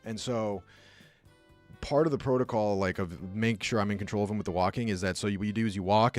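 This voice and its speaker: A man's voice: on the low side, no echo. A young man telling a rambling, casual story full of fillers, talking as a podcast host. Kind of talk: casual chat.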